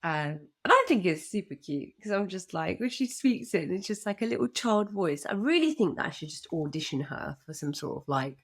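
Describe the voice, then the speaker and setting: A woman's voice: lowish voice, very animated, brisk, hardly any pauses. Bubbly, gushing female podcast co-host. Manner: bubbly, gushing, laughs often. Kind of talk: casual chat.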